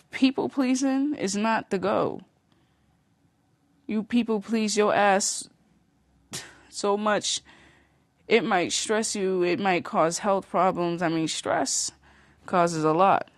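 A woman's voice: sits low, no echo, clean studio sound. A woman vlogger telling a rambling storytime, casual and profane, full of fillers.

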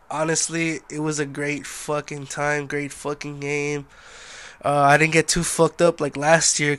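A man's voice: on the high side, fairly bright tone, smooth, no room sound. A young man hosting a casual solo podcast, laid-back and a little tipsy and sluggish, swearing constantly and saying "dude" a lot. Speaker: podcast host.

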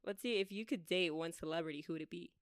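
A woman's voice: lowish voice, quick pace, clear, resonant tone, no echo, studio quality. Giggly young woman hosting a podcast. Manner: playful, giggly, slangy. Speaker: podcast host. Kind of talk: casual podcast interview.

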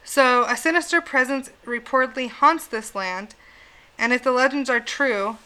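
A woman's voice: sits high, normal speed, bright, forceful tone, clear, resonant tone. A woman hosting a casual podcast, telling a spooky legend in a chatty way, swearing freely and laughing often. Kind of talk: casual chat.

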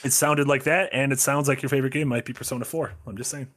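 A man co-hosting a casual podcast chat, reacting in a quick, animated way. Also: medium pitch, dry recording, clean studio sound. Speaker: podcast co-host.

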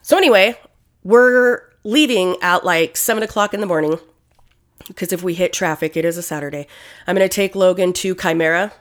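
A woman co-hosting a podcast, chatting casually and cursing freely. Her voice sits a little low for a woman. She talks loosely and breaks into animated outbursts. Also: a little fast. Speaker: podcast co-host. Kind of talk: casual chat.

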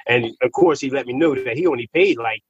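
A man telling a personal story in casual, profane slang, animated and repeating words when he gets worked up. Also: medium pitch, a little fast, breathy edge, no echo. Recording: slightly muffled recording.

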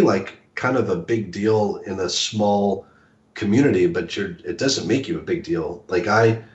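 A male author talking casually as an interview guest, halting with many restarts and fillers. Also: sits low. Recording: echoey room, dull lo-fi audio.

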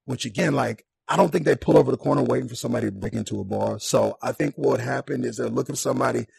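Gravelly, raspy-voiced young man. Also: medium pitch, fast talker, dry recording. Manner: animated, acts out the people in his story. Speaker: podcast guest. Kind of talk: casual storytelling.

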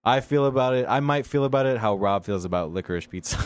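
A man's voice: mid-range voice, lively intonation, quick pace, clear, resonant tone. A man hosting a podcast in casual chat, rambling and laughing as he talks. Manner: rambling, laughing film talk. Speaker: podcast host.

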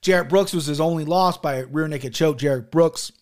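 A man's voice: on the high side, normal speed. A man hosting his own podcast, talking casually and with a lot of swearing, telling stories and acting out the other people's lines. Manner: animated, profane, storytelling with voiced quotes. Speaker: podcast host. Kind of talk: casual solo podcast talk.

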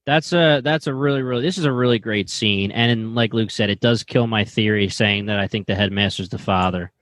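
A man's voice: lowish voice, a little fast, a bit bright, dry recording. A man co-hosting a casual podcast chat, joking and floating theories about a TV episode. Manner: joking, theory-spinning banter. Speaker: podcast co-host.

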